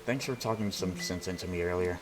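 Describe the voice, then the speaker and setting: A man's voice: low voice, a little fast, close to an everyday voice. A man reading the lines of an anxious but determined young woman climber in a game, in his own earnest voice.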